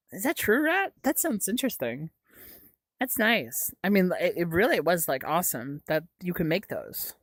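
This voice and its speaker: A woman's voice: lowish voice, very animated, moderate pace, no room sound. A young woman hosting a casual livestream, reading chat aloud with a giggly, stammering, jokey way of talking. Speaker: livestream host.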